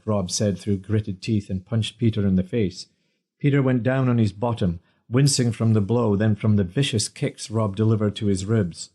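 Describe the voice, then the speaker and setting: A man narrating an audiobook in a measured storytelling manner. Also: fairly low pitch, mellow.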